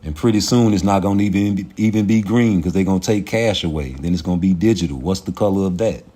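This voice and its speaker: A man hosting a casual livestream, ranting in a profane, animated way and laughing often. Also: sits low, fast talker. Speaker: livestream host.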